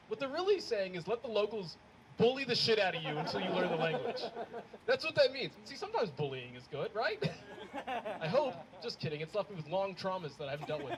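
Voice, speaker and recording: Lively high-voiced young comedian outdoors. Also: male voice, normal speed. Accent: American. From Ethiopia. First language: Amharic. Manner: animated, self-mocking, loose and profane. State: cold. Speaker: stand-up comedian. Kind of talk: stand-up set. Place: outdoor campus stage in cold weather. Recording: noisy outdoor live recording. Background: laughing crowd.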